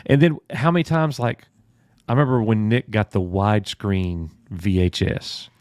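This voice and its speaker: A man's voice: fairly low pitch, moderate pace, a little mellow, no room sound, clean studio sound. A man co-hosting a casual live stream, telling friendly stories and thanking viewers by name. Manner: friendly, storytelling, addresses chat by name. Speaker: co-host.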